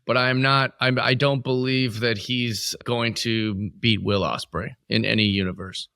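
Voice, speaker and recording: Brief: male co-host, bright voice, playful rambling, dry sound. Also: medium pitch, fairly even intonation, a little slow, vocal fry, no room sound. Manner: rambling, stumbling restarts, playful ranting. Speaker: podcast co-host. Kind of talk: casual wrestling chat.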